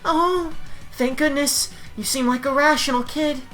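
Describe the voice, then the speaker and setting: A man voicing a young green-haired woman from a game, an urgent, secretive character, in a hammy, deliberately bad voice. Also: very high voice, sharp tone, soft background music, voice pushed up, full character voice.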